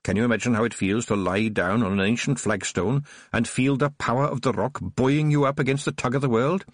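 A man's voice: medium pitch, steady tone, brisk, no echo, clean studio sound, lightly acted. A man voicing a sinister, honeyed old witch who runs a shop, gleeful and menacing. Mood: rapturous. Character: sinister sugary old woman witch shopkeeper. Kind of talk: audiobook character voice.

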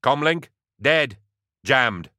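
A man's voice: medium pitch, expressive, drawn-out words, sharp tone, no room sound, clean studio sound, pitched above the performer's own voice, full character voice. A man voicing a male army major pinned under fire, talking in terse, urgent bursts. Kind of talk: audiobook character voice.

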